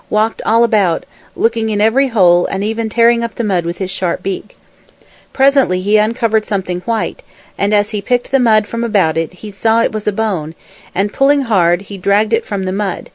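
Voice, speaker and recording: A woman reading a folk tale aloud in a calm, measured way. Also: mid-range voice, no room sound. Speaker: storyteller.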